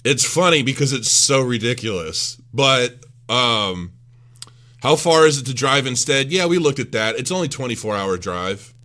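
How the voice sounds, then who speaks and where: Guy vlogging his travel mess, bright forceful voice, swears a lot, laughs at himself, still a bit sick. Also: mid-range voice, expressive, normal speed. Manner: rambling, self-mocking, swears freely. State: recovering from illness. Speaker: crypto vlogger. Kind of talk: casual storytelling vlog.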